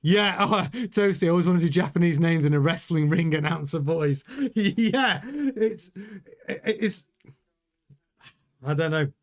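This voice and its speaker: A man with a somewhat high voice runs a casual live watchalong stream. He chats loosely with his viewers, rambling and cutting himself off to restart sentences as he reacts to the action. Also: expressive, measured pace. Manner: chatty, rambling, self-interrupting. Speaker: livestream host reading chat.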